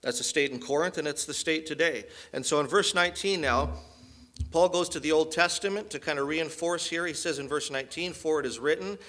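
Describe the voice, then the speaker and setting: A man's voice: fairly high pitch, a bit bright. A man preaching an expository sermon as pastor, earnest and emphatic, with rhetorical questions.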